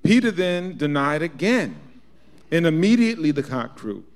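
Man reading scripture aloud, lively pitch. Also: normal speed. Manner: reads archaic verses steadily. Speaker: scripture reader in class.

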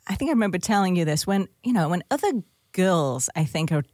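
A woman's voice: lowish voice, lively intonation, fast, darkish tone, no room sound, studio quality. Chatty British woman from Yorkshire. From Yorkshire, northern England. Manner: chatty, laughs easily. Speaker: guest, professional organizer. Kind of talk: casual chat.

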